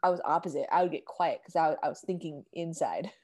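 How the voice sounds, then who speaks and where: Laughing woman interviewer, lowish voice. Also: fairly quick, dark tone. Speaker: interviewer and fellow coach. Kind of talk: casual conversation.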